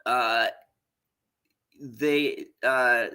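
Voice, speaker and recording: A woman's voice: extremely low pitch, steady tone, very slow, sharp tone, clear, resonant tone. A woman giving a profane, exasperated rant while reviewing a show.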